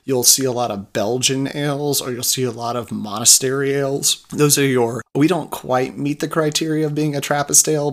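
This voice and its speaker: Gravelly-voiced man explaining beer history. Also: medium pitch. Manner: relaxed, joking, explanatory. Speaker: podcast co-host. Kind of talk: casual chat about beer history.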